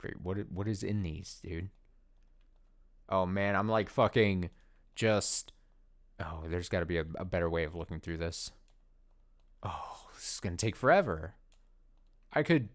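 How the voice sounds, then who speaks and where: A man streaming a game, talking casually, swearing and laughing often. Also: sits low. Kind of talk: casual let's play commentary.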